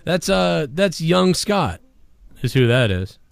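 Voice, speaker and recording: A man hosting a casual livestream show, rambling and swearing a lot, with a hoarse voice. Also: on the high side, slow pace, dry recording. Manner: profane, rambling and animated. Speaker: show host.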